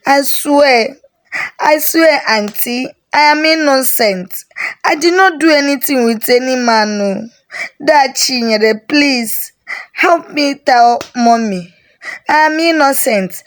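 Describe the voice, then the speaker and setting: A frightened teenage girl pleads through tears, her voice lifted high and earnest, as a woman storyteller puts her on. The stays plain under the raised, youthful tone. She speaks slowly and begs to be believed. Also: animated. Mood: pleading, scared. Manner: tearful, pleading.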